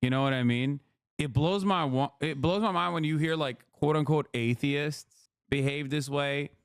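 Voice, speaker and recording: A man's voice: fairly high pitch, moderate pace, clear, resonant tone, no room sound, clean studio sound. A man streaming live, reacting to videos in loose, sarcastic casual commentary and laughing as he talks.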